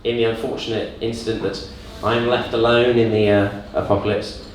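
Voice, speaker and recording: A young man doing an awkward, deadpan in-character stand-up set, with faltering delivery and sudden squeaky put-on voices. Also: brisk. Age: young adult. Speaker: student stand-up comedian. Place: student comedy club stage with audience. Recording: very echoey room, distant mic, noisy. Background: audience laughter and room ambience.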